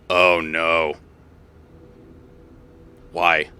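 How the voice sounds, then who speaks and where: A man streaming a factory-building game, chatting with viewers in an animated way and breaking into exasperated, swearing outbursts. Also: lowish voice, fairly quick. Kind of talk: live gameplay commentary.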